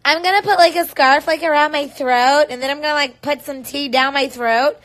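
High-voiced playful young woman, chatty. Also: moderate pace, a bit bright. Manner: playful, rambling, makes silly noises. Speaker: singer livestreaming on tour. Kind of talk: casual livestream chat.

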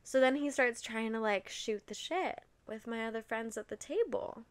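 Speaking at normal speed in a slightly high voice, this young podcast host shares a personal story. She's candid and expressive, cursing freely and dropping "like" often.

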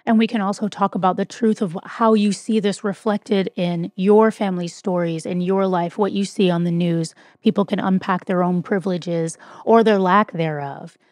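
A woman from the United States, a stage actor, giving an earnest, deliberate interview answer. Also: mid-range voice, steady tone, a little mellow, no room sound, clean studio sound.

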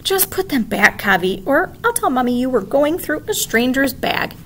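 A woman's voice: sits high, sing-song, moderate pace, a bit bright, slight background noise, pitched above the performer's own voice. A woman voicing an irritable older brother in a storybook reading, bossy and short-tempered. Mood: irritated.

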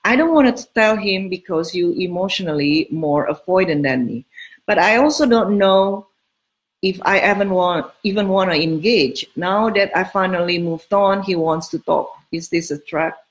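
A woman's voice: fairly low pitch, normal speed. A middle-aged woman coaching women on dating, answering listener questions in a frank, emphatic way that repeats key words. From Southern California home. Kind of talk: casual advice talk.

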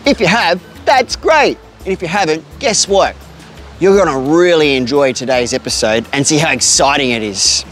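A man's voice: a little high, lively intonation, moderate pace, fairly bright tone, faint music behind. An Australian man hosting a kids' outdoor adventure vlog outdoors by a creek, upbeat and talking straight to the children and his pet bird. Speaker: host of a kids' outdoor show.

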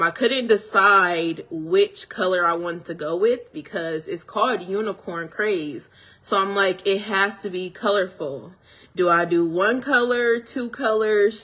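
A woman's voice: fairly low pitch, a bit bright, slightly rough. A woman hairstylist chatting casually to her viewers about her products, gushing and a little tongue-tied from her retainers. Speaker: hairstylist and small business owner. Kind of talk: casual product reveal vlog.

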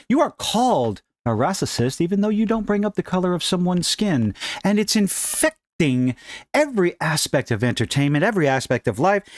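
Man, middle-aged, sarcastic gaming rant, fairly high voice, very animated pitch. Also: no echo. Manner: sarcastic, mocking, animated delivery. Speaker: gaming commentary host. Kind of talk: ranting commentary vlog.

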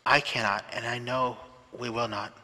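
A man's voice: medium pitch, steady tone, moderate pace, pushed and bright. Man reading a firm loving woman. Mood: firm, tender. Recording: long hall reverb.

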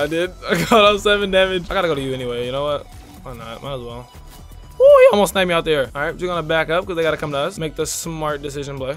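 A man's voice: a little high, fairly bright tone. A young man giving hyped, trash-talking commentary over a video game with a friend. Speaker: gaming YouTuber. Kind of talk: live gameplay commentary.

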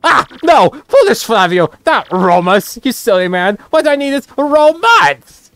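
A woman's voice: on the high side, very animated, measured pace, no echo, voice pushed up. Woman putting on a boastful rich merchant man. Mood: excited. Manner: theatrical fake-Italian phrasing, grand boasts. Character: pompous rich male merchant, dramatic and greedy. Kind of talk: voicing game dialogue aloud.

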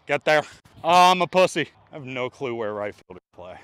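A man's voice: mid-range voice, very animated, moderate pace, a bit bright, smooth, dry recording. Self-mocking young man joking. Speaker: baseball player and vlogger. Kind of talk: casual vlog commentary. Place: outdoor baseball field.

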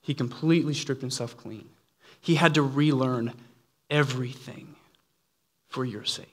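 A man's voice: medium pitch, unhurried. A man preaching a sermon in an earnest, conversational way, slipping in playful asides.

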